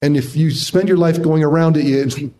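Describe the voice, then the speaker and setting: A man's voice: fairly high pitch, fairly even intonation, fairly quick, dark tone. A middle-aged man as an interview guest, telling a personal story in an emotional way with many restarts, his voice jumping up when he relives tense moments.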